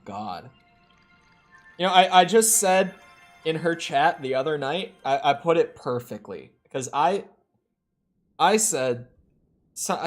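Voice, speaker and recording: Chatty male game streamer, swearing. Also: fairly high pitch. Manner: chatty, swears, bursts into indignant exclamations. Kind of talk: casual live-stream chat while gaming.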